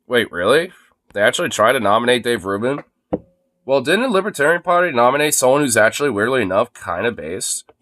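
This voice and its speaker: A man's voice: medium pitch, very animated, a little fast, fairly bright tone, dry recording. A man chatting casually on a phone livestream, rambling and swearing freely, with lots of fillers. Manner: rambling, profane, heavy use of fillers.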